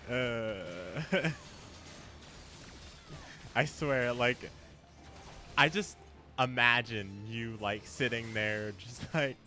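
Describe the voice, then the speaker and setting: Laid-back guy streaming a game, bright voice, laughs a lot, slow easy talk. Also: medium pitch, fairly even intonation, soft background music. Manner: laughs often, chatty, talks to chat. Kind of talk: casual live-stream chat.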